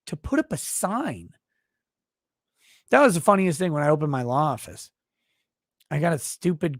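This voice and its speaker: A man's voice: fairly high pitch, no echo, studio quality. A man hosting a live stream, ranting sarcastically with plenty of profanity and rambling asides. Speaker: host.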